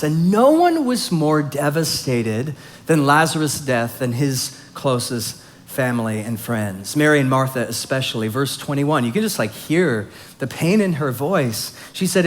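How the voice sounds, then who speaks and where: A man teaching a Bible study, reading scripture softly and explaining it in an earnest, conversational way. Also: a little high.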